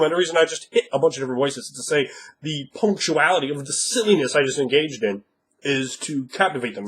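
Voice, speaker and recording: Blunt husky-voiced game master. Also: male voice, a little high, animated, fast talker, a bit bright. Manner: blunt and emphatic, with frequent swearing. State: slightly hoarse after a cold. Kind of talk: instructional monologue.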